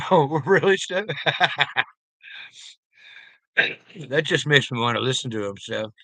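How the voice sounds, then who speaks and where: A man's voice: mid-range voice, lively intonation, takes it slowly, sharp tone, no echo. A man streaming live, chatting loosely with viewers, rambling and swearing freely. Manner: rambling, profane, talks to chat by name. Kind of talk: casual live-stream chat.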